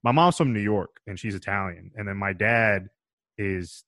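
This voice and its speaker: A man's voice: on the low side, normal speed, sharp tone, no echo, studio quality. A man from Alabama co-hosting a podcast, talking in a rambling, laid-back way. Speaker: podcast co-host. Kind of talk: casual chat.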